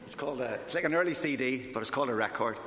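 Fast-talking Northern Irish man, echoey church. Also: mid-range voice, slight background noise. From Northern Ireland. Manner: fast, excitable storyteller. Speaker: missionary speaker. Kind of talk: church talk. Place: church hall.

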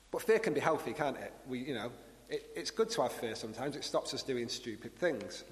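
A man giving a conversational, reflective sermon as a preacher, often restarting his sentences. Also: medium pitch. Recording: long hall reverb.

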